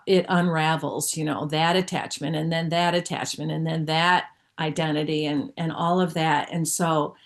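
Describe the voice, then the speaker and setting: A middle-aged woman tells her own story on a video call, slightly low-pitched and earnest. She talks in a halting way, often stopping to restart her sentences. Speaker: guest speaker sharing testimony. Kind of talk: personal testimony in an online group.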